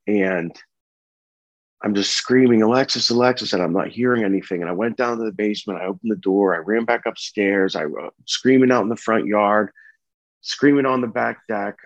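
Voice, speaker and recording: A man telling the story of his wife's death and caring for their baby, speaking in an earnest, halting, somber way. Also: fairly low pitch, no room sound. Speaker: bereaved husband and father telling his story. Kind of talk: personal testimony. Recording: dull, dry lo-fi recording.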